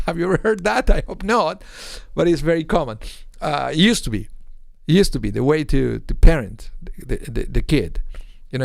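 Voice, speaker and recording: A man's voice: fairly high pitch, normal speed, vocal fry, no room sound, clean studio sound. A man, a rabbi, giving an informal online Torah lesson, explaining with rhetorical questions and acting out quotes. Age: adult with a young son. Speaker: rabbi teaching a weekly Torah class.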